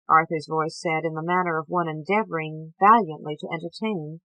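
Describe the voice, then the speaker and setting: A woman narrating a novel in a measured, even reading voice. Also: deep voice, dry recording, low-quality recording. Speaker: audiobook narrator.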